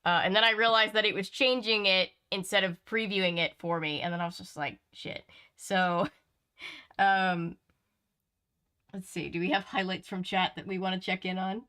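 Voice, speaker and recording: Casting note: bright, giggly woman host, casual stream banter. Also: mid-range voice, fairly even intonation, normal speed, smooth. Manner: giggly, upbeat, reads chat aloud. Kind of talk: casual live-stream chat.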